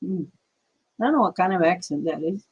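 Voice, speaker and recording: A woman's voice: on the low side, animated, brisk, darkish tone, breathy edge, dull audio. A woman hosting a casual livestream, rambling and answering viewers' chat comments with conspiratorial asides. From United States. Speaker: livestream host.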